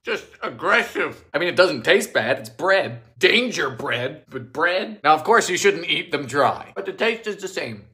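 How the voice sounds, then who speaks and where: A young man hosts a comedic baking video, cracking jokes with sudden shouts and squeals. His pitch swings widely from line to line, and his voice is bright and forward. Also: big pitch swings, measured pace, hardly any pauses. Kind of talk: comedic recipe vlog.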